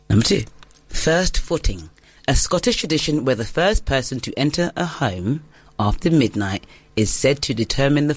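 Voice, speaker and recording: Brief: woman quiz host, giggly and self-mocking, animated pitch, dry close mic. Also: no room sound. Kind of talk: casual podcast game hosting.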